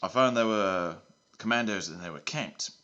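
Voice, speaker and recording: Here a man with a lowish voice plays a clumsy male spy, hopping between exaggerated fake accents as he meanders through a mission report. His tone is sharp, his pace moderate, and the delivery hammy, though the audio sounds muffled.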